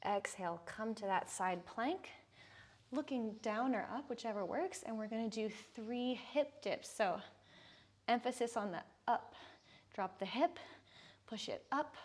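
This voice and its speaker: A woman leads a yoga flow, calling out each breath and pose in a calm, unhurried way. Her pitch sits in a middle range and she lets long pauses fall between cues. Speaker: yoga instructor. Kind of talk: guided yoga class instruction.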